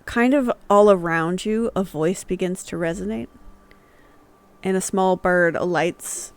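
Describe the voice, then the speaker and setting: A game master calmly narrating scenes in a tabletop game, with some fillers. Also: mid-range voice, unhurried. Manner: calm descriptive narration with fillers.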